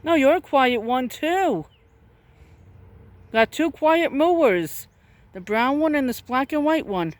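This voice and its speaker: A woman's voice: sits high, animated, a little slow, dry recording. A woman vlogging outdoors in a pasture, chatting to cows and donkeys in a coaxing, baby-talk way while filming on a handheld camera. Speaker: vlogger filming farm animals.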